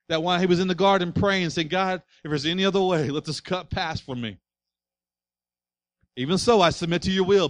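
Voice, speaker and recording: A male pastor delivering a sermon, emphatic, swinging between loud urging and quiet, slow passages. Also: a little high.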